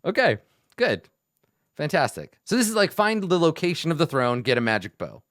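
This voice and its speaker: Smooth-voiced man musing through game prep. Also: fairly high pitch, sing-song, normal speed, fairly bright tone, no room sound, clean studio sound. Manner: thinking aloud, musing with restarts. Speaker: game master. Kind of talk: casual session prep talk.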